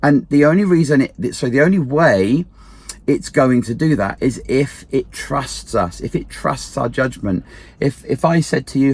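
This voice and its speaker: A man's voice: medium pitch, a little slow, husky. A man, a dog trainer and martial arts instructor, giving casual advice and acting out the people he quotes. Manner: emphatic, acts out quoted people.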